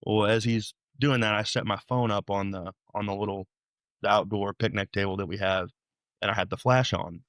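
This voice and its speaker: Low-voiced man telling a tale. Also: normal speed, no room sound, studio quality. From Illinois, USA. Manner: animated, rambling retelling with many restarts. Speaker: podcast guest. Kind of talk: storytelling interview.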